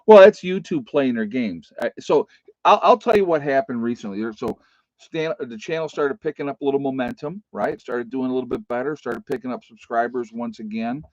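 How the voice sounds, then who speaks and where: The host is a middle-aged man with a medium-pitched voice who talks fairly quickly, with no room sound. He rambles folksily through a casual livestream chat from a rural home, using lots of fillers, and the stream audio is dull and lo-fi.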